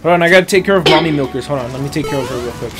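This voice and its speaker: A man streaming a video game and commenting loudly, excitable, joking and crude. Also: a little high, very fast. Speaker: gaming streamer. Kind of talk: let's-play commentary. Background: game music.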